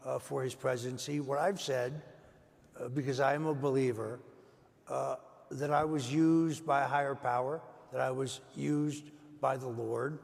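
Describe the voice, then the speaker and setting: An older man as an interview guest, telling a long story at a measured pace with frequent "uh" fillers. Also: medium pitch, steady tone, vocal fry. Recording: reverberant hall.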